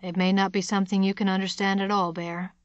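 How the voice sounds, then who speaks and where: A woman voicing a composed woman protester who speaks in a calm, strong, cold voice. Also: medium pitch, a little slow, dry recording, highs cut off, lightly acted. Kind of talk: audiobook character voice.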